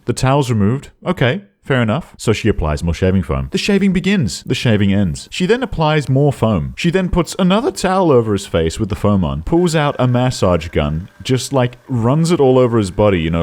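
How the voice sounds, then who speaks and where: A young man giving sarcastic comedic commentary on videos, breaking into high yelling outbursts. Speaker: YouTube commentator.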